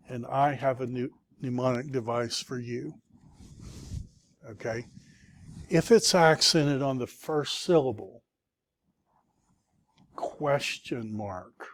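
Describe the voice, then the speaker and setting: A middle-aged man lectures on Greek vocabulary at an unhurried, deliberate pace. His voice sits at an ordinary middle pitch. He explains patiently and keeps checking that his students are following. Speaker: Greek teacher. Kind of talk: classroom lecture.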